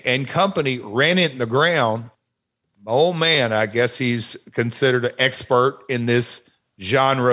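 A man co-hosting a podcast, telling rambling, animated family anecdotes and quoting people along the way. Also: mid-range voice. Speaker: podcast co-host. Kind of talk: casual podcast storytelling.

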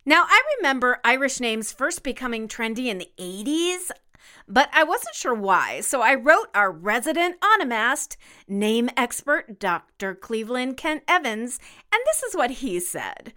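A woman's voice: on the high side, big pitch swings, measured pace, sharp tone. A woman co-hosting a podcast, chatting casually in a playful, emphatic way. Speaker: podcast co-host.

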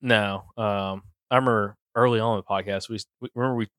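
A man's voice: lowish voice, fast, clean tone, no echo, studio quality. A man co-hosting a hunting podcast, telling stories in a rambling, casual way. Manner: rambling storyteller, animated retellings. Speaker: podcast co-host.

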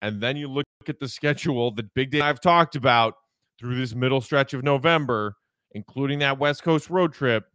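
A man hosts a solo sports podcast with a mid-pitched voice, animated and opinionated, often restarting his sentences. The sound is dry and close to the mic. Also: normal speed, clean tone, dry recording. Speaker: podcast host.

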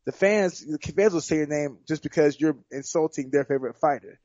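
Fighter guest, male, rambling and repeating himself, slightly high voice, dull dry recording. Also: a little fast, a little mellow, no echo. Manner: rambling, repeats words and restarts. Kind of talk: casual sports chat.

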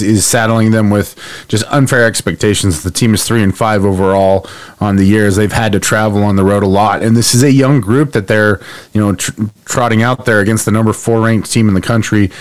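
A man co-hosting a sports podcast who gives measured, analytical takes in a casual tone. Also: fairly low pitch, fairly even intonation, no room sound. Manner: measured, analytical, some restarts. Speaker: podcast co-host.

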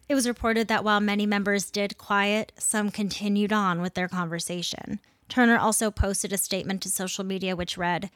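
A woman hosts a podcast, reading the news in an earnest, indignant tone. Her voice sits at a middling pitch. The recording is dry and close, with no room sound. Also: no room sound. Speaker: podcast host.

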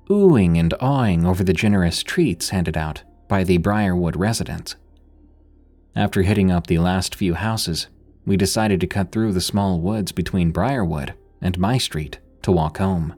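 A man reading a scripted horror story in a measured, suspenseful way. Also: sits low, a little mellow.

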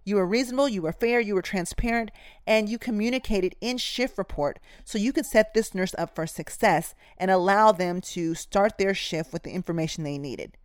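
A nurse who hosts a podcast tells work stories directly to her listeners in a casual, emphatic, instructive way. Her voice is medium-pitched at a moderate pace, and the studio-quality recording has no echo.

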